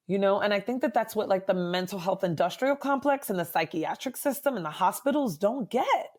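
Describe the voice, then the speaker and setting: A woman psychologist speaking as a guest in a conversational interview, animated and full of fillers and tag questions. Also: mid-range voice, fairly quick, hardly any pauses.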